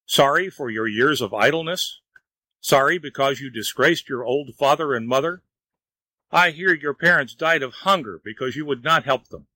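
A man voicing an old male fairy who scolds and teases slowly and deliberately. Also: mid-range voice, pushed and bright, dry recording, low-quality recording. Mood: scolding.

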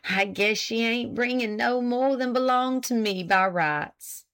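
A woman voicing a glum, stubborn old farmer who speaks slowly in rustic country dialect in a storybook reading. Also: fairly high pitch, a bit bright, smooth. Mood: dejected.

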